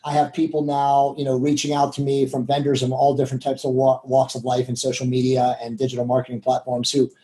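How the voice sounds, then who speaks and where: A man's voice: mid-range voice, monotone, fast talker, hardly any pauses, dark tone, poor audio. A man, a guest entrepreneur, speaking candidly in a rambling way with many fillers about his life. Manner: rambling, heavy with "you know" fillers; candid and self-reflective. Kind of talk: casual interview storytelling.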